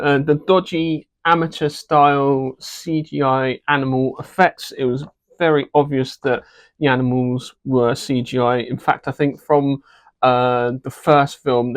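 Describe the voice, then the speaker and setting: A man giving a casual, unscripted movie review, hesitant and filling pauses with ums and uhs while voicing frank opinions. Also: medium pitch, smooth.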